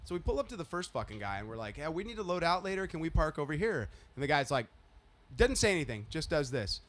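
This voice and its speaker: A man in his thirties, a podcast co-host telling a story in casual chat, swearing freely and loudly acting out the people in it. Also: on the high side, very animated, fast. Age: 30s.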